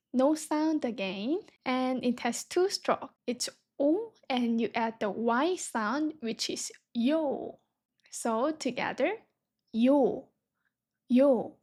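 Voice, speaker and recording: A woman's voice: high voice, darkish tone. A young woman teaching a beginner Korean reading lesson, patiently sounding words out syllable by syllable.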